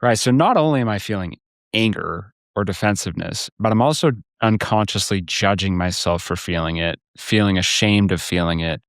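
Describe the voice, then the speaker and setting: A man's voice: on the low side, moderate pace, no echo, clean studio sound. A man hosting a recovery podcast, reflective and affirming as he talks about his own struggles. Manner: reflective and affirming, frequent agreement sounds. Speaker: podcast host, recovery coach. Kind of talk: casual podcast conversation.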